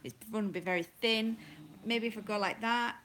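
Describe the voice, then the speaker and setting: A woman's voice: medium pitch, moderate pace, fairly bright tone, slight background noise. A woman hosting a casual livestream on her phone from home at night, chatty and apologetic, greeting viewers by name. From England. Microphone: phone held close.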